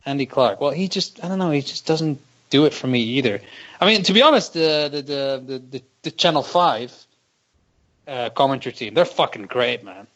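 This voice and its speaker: A man chatting emphatically and excitably about boxing on a podcast, swearing freely. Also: medium pitch, moderate pace, low-quality recording. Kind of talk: casual boxing chat.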